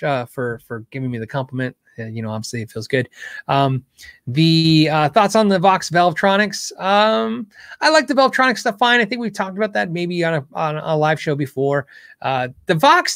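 A man's voice: fairly high pitch, a bit bright, dry recording, clean studio sound. A middle-aged man hosting a casual live Q&A show, explaining guitar setup in a conversational way as a guitar tech.

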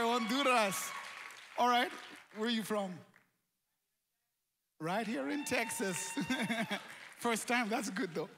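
Jamaican guy hyping up a big hall crowd, pretty high voice for a man. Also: background noise. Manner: energetic, calls out to the crowd. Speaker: conference host. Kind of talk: lively crowd warm-up. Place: large auditorium.

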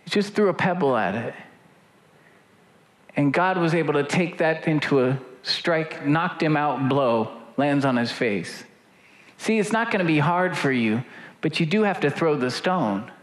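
A middle-aged man preaching a sermon as pastor, rising to loud, high-pitched exhortation and dropping low and slow for storytelling. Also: animated. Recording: echoey room with faint noise.

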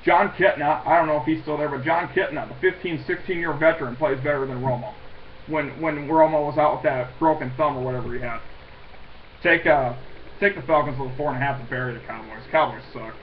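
Man, blunt, scornful sports picks vlogger, slightly high voice, dull home recording with faint hiss. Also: brisk. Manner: blunt, scornful, swears, restarts a lot. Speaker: sports pundit giving weekly picks. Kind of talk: casual ranting sports predictions.

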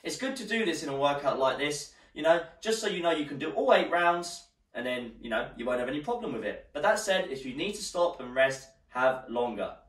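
An encouraging fitness instructor runs a live workout class, slightly out of breath as he moves along. His lively voice sits on the high side, a little fast, rising and falling as he counts down the rounds, with a distant mic and roomy echo.

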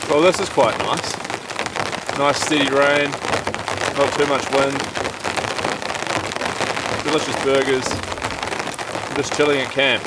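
A man's voice: mid-range voice, slow pace, pauses often. Chatty man camping in heavy rain. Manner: chatty and upbeat, talks while eating. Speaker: outdoor vlogger. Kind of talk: casual camping vlog. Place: outdoors at a campsite under a shelter in rain. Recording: heavy rain noise outdoors. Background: steady rain and fire crackle.

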